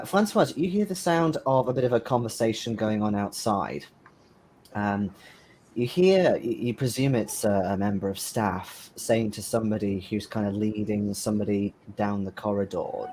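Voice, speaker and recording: A man with a lowish voice runs a tabletop horror game. He narrates in a halting way, full of ums and restarts. A faint hiss sits under his voice. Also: darkish tone. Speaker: game master.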